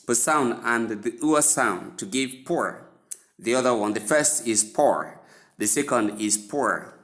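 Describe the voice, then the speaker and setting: A man teaching English pronunciation, spelling out words letter by letter in a slow, deliberate way. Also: medium pitch, fairly bright tone. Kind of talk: spoken English lesson.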